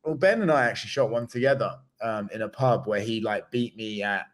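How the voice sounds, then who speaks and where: Guy talking fast, low-ish voice, dry self-mocking jokes, casual interview guest. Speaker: interview guest, fighter and media reporter. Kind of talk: casual chat.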